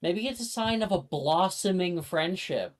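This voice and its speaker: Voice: medium pitch, animated, unhurried, voice pushed up, lightly acted. A game master voicing an amused young woman making a wry joke.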